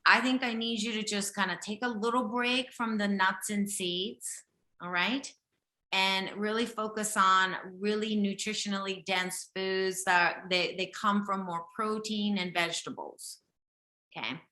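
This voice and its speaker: In a roomy-sounding recording, this intuitive health reader runs a live one-on-one reading at a measured pace, her mid-range voice bright, forceful and fairly even in intonation. Her slight Japanese accent reflects her first language and her origins in Japan. She presses her points insistently and frequently checks in with "okay?".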